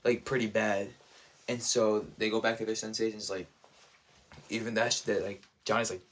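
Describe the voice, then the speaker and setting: A man giving a casual, excited recap as a reviewer, rambling and leaning on "like", "dude" and "bro". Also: on the low side, a little fast. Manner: enthusiastic, rambling, heavy use of "like", "dude" and "bro".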